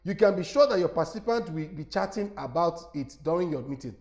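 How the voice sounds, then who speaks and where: Nigerian evangelist, middle-aged, high voice, lively webinar teacher on a lapel mic, keeps asking if you understand. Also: male voice, fast. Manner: animated, repeats himself, addresses listeners directly.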